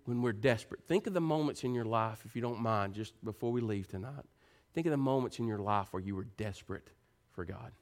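A man's voice: fairly quick, few pauses. Preacher man delivering a sermon. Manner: animated, rising to high excited pitch when telling stories.

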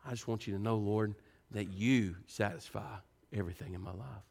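A man preaching a sermon. He moves between quiet, earnest pleading and animated storytelling. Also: normal speed, creaky. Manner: animated, rising to high excited pitch when telling stories.

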